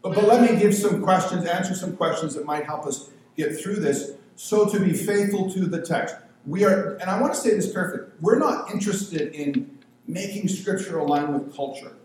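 A man in his fifties preaching a sermon, conversational and self-deprecating, slowing down for emphasis. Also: high-pitched, darkish tone. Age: 50s. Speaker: pastor. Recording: very echoey room with faint ambient noise.

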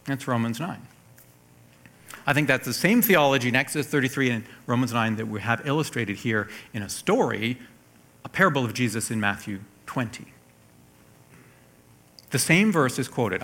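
A man preaching a sermon, explaining scripture verse by verse, lifting his voice for emphasis and then dropping it soft. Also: mid-range voice, lively intonation, normal speed, creaky, pauses often.

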